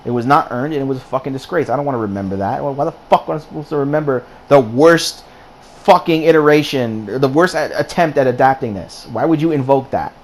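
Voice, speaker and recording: A man's voice: medium pitch, brisk, a little mellow. A man delivers a casual, unscripted film review in a mid-range voice, venting and cursing as he goes. He doubles back on his words and restarts sentences. A faint background noise sits under the recording. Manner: profane, ranting, repeats and restarts words.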